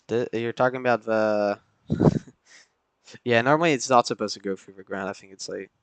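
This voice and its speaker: A man's voice: medium pitch, moderate pace, clear, resonant tone, no room sound. A man streaming a flight simulator, chatting casually with viewers and reading back radio calls. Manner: relaxed, chatty, answers chat with fillers. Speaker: flight sim streamer playing pilot.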